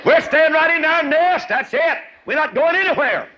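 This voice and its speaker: A man's voice: very high-pitched, animated, moderate pace, muffled recording, pitched above the performer's own voice. A man voicing restless young eaglets in a sermon story. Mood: stubborn.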